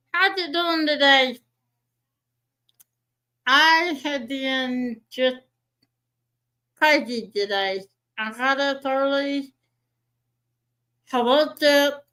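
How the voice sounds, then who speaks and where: A woman's voice: sits high, sharp tone, low-quality recording. A woman hosting a casual livestream, chatting and greeting viewers by name. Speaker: livestream host.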